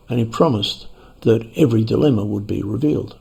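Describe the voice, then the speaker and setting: Gravelly male storyteller with a wry delivery. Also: mid-range voice, lively intonation, brisk, mellow. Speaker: narrator. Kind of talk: scripted storytelling.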